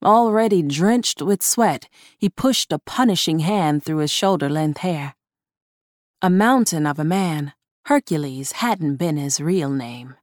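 A woman narrating a horror short story in a measured, deliberate reading. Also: low-pitched, darkish tone, no echo, clean studio sound.

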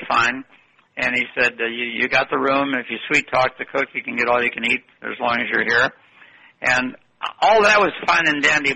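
Gravelly older man telling stories. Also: medium pitch, sharp tone, slight background noise, low-quality recording. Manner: rambling, anecdotal, self-correcting. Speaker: guest. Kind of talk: interview storytelling.

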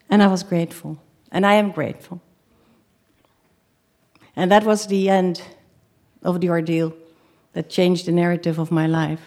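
A woman with a slightly low voice tells a personal story live on stage. She speaks in halting bursts, often repeating or restarting a phrase before going on, and voices her own past cries for help. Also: little pitch movement. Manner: acts out her own shouted pleas.

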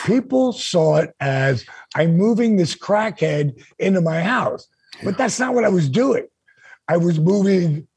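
A man on a podcast spins a story in casual chat, his voice gravelly and very husky. He swings his pitch around freely and plays out the quoted dialogue with energy. The sound is dry and close on the mic. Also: no echo. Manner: animated, acts out quoted dialogue. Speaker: podcast co-host.

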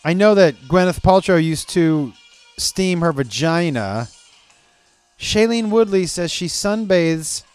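A man riffing on his podcast in a loose, profane, rambling monologue. His voice sits fairly high and jumps around a lot. The sound is smooth, close and dry, with faint music underneath. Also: expressive, takes it slowly, a little mellow, dry recording. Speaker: podcast host. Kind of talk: casual comedic monologue.

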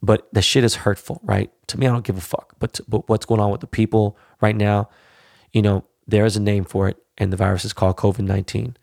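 A man's voice: on the low side, little pitch movement, brisk, vocal fry, darkish tone, no room sound, studio quality. A man hosting a podcast, ranting bluntly and swearing heavily, punctuating points with "all right?" and "you know?". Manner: frequent tag questions like "all right?". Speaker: podcast host. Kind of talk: profane monologue.

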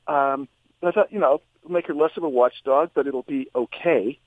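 A male psychotherapist, a guest on a show, tells a personal story with animated shifts in his voice. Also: mid-range voice, moderate pace, no echo. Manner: animated storyteller, voice rises for quoted lines. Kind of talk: anecdotal storytelling. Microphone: phone. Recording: tinny phone line.

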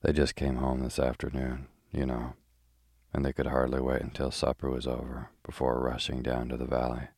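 A wry, gentle middle-aged doctor's wife, read by a man in a slow bedtime audiobook. The voice is extremely deep with almost no melody. It sounds close and dry. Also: completely flat delivery, vocal fry, dry recording, exaggerated voice. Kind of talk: sleepy bedtime audiobook reading.

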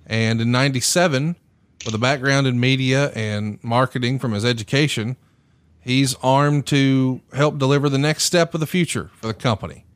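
A man hosting a podcast, reading a prepared history in a steady, measured way with small fillers. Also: mid-range voice, smooth. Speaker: podcast host.

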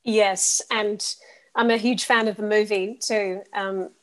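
A woman's voice: medium pitch, steady tone, slow pace. A woman from Australia with a mid-range voice, speaking as an interview guest. She is bubbly and chatty, with a self-deprecating, easygoing manner. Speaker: musical theatre actress, guest. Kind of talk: casual interview chat.

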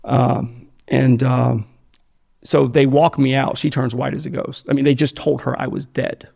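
A man's voice: mid-range voice, little pitch movement, measured pace, vocal fry, a little mellow. An American man speaking bluntly and profanely, rambling with fillers and restarts as he tells his story in an interview. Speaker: guest telling his addiction story.

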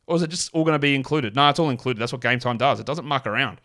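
A man's voice: medium pitch, rapid-fire, few pauses, pushed and bright. A man hosting a solo sports podcast, talking in a blunt, rambling, self-mocking way. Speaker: podcast host. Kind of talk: casual solo podcast talk.

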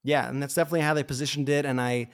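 A man co-hosting a podcast, talking casually in rapid bursts and restarting his sentences often. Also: mid-range voice, fairly even intonation. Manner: rapid, with frequent restarts and fillers. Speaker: podcast co-host. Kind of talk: casual conversational storytelling.

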